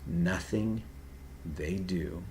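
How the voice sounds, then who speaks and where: Deep-voiced man giving earnest advice. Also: dark tone, a little hiss or hum. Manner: earnest and direct, with pauses and restarts. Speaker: video host giving personality-type advice. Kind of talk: unscripted advice monologue.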